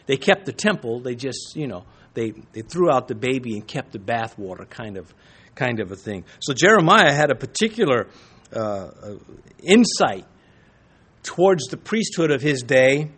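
A man's voice: mid-range voice, very animated, normal speed, fairly bright tone, husky. A man teaching a Bible lesson in a conversational sermon style, with folksy asides and frequent restarts.

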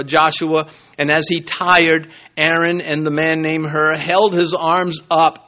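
A man preaching from the pulpit with a slightly higher voice. He explains scripture in a relaxed, joking way and talks straight to his congregation. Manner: conversational preaching with humor and asides. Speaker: pastor. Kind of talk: expository sermon.

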